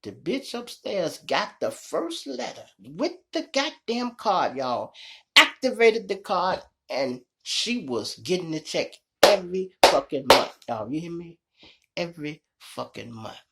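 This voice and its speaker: A man with a Chicago accent, telling a story in a casual, profane way and keeping up a running chat with his audience. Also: fairly high pitch. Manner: animated, profane, keeps addressing the audience. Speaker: storyteller host.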